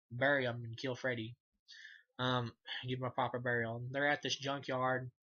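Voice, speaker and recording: A man's voice: mid-range voice, sharp tone, highs cut off. A man giving a casual, rambling movie recap, full of fillers, swearing and self-corrections. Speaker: movie reviewer.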